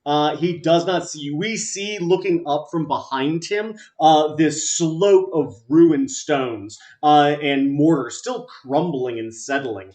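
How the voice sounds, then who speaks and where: Halting man running a tabletop game. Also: on the high side, a little mellow. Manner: halting, many filler sounds. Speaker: game master.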